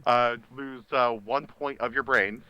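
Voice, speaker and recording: A man running a tabletop game as game master, describing scenes and calling for rolls in a relaxed way, with frequent pauses. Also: mid-range voice, clean tone, dull audio. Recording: faint music behind.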